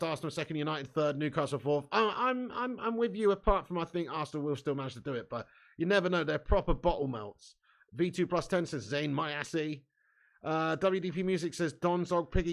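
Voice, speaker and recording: A man chats live to his viewers, reading their comments aloud as he goes. His voice sits a little high for a man, and he talks in excitable, laughing bursts, full of swearing and easy banter. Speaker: live stream host.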